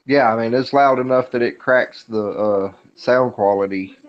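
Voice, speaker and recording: A man chatting casually on a podcast, calm and agreeable. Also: medium pitch, moderate pace, muffled recording. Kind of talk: casual chat.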